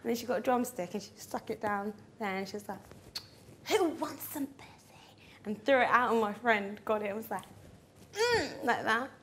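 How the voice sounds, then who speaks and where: A woman's voice: mid-range voice, steady tone, quick pace, few pauses, a bit bright. A young woman chatting casually late at night as a reality show contestant, telling a story and acting out scenes. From Britain. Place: reality TV house, indoors. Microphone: house surveillance mic. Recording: noisy live-feed recording.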